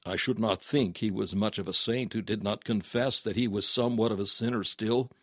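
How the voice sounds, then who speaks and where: A man reading a sermon aloud in an earnest, measured, emphatic way. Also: fairly low pitch, fairly even intonation, fairly bright tone, dry recording, studio quality. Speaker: preacher.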